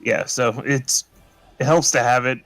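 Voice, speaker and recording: A man's voice: mid-range voice, fairly even intonation, measured pace, a bit bright, no echo, faint music behind, rough recording. A man playing a tabletop game, explaining his moves in a matter-of-fact way. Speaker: player.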